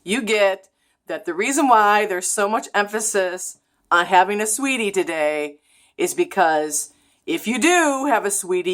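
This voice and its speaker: Casting: low-pitched woman vlogger, unhurried, frank and emphatic. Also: fairly bright tone. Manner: frank, emphatic, laughs while talking. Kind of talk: casual talking-head vlog.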